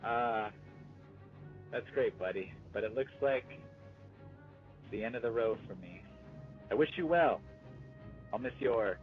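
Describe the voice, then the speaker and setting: A man voicing a panicked male bounty hunter who begs for his droid chef, stammering and high-strung. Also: animated, unhurried, pauses often, narrow, tinny audio, faint music behind, natural voice. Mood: sobbing farewell.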